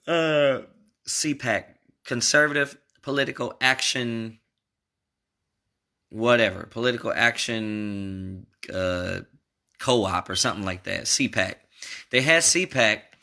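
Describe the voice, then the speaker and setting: A man delivers casual commentary to camera in a bright, forceful voice at a middle pitch. He rambles with restarts and hammers his points, talking directly to the people watching. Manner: rambling, emphatic, talks straight to viewers. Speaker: political commentator. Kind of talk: casual political commentary vlog.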